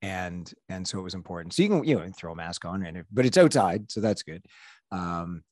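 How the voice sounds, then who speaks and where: A man's voice: low voice, expressive, a little fast, darkish tone, dry recording, studio quality. Rambling, laughing middle-aged man. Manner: rambling storyteller who laughs often. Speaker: podcast host. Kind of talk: casual chat.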